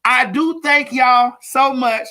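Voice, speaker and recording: A man hosting a casual live-stream show, talking in a loud, sassy, playful way. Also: very high-pitched, takes it slowly. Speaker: host.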